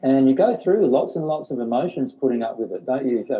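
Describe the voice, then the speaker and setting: Man teaching a spiritual workshop, very dark voice. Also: mid-range voice, animated, fast, hardly any pauses, lo-fi sound. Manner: earnest, explanatory, repeats words.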